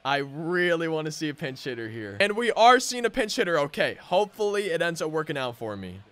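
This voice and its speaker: A young man commentating his own baseball video game, swinging between frustrated groans and loud hype. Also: on the high side, big pitch swings, brisk. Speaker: gaming channel host. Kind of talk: live gameplay commentary.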